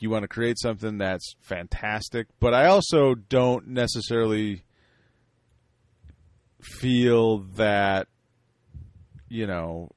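Low-voiced, hesitant podcast guy. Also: no echo, clean studio sound. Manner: hesitant, full of restarts, trails off quietly. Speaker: podcast co-host. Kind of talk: casual chat.

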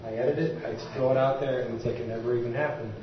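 Animated joking guy on a panel, echoey hall, some hiss behind. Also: mid-range voice, fast, highs cut off. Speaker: podcast panelist. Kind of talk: panel discussion. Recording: distant roomy hall mic, noise.

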